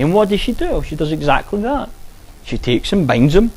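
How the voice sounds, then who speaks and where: Earnest man, high-pitched, preaching a storytelling sermon. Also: big pitch swings, normal speed, darkish tone, poor audio. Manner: earnest, rhetorical questions.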